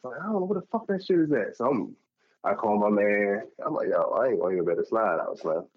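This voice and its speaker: Male storyteller, casual, very lively intonation with high-pitched quoted voices, slightly muffled lo-fi audio. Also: fast talker. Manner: animated, acts out quotes in a high voice. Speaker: podcast co-host telling stories.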